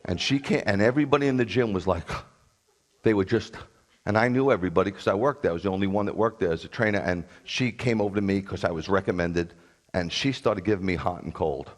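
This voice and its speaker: A man's voice: sits low, fast. Blunt, combative man preaching a sermon. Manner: blunt, combative, sarcastic asides. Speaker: rabbi.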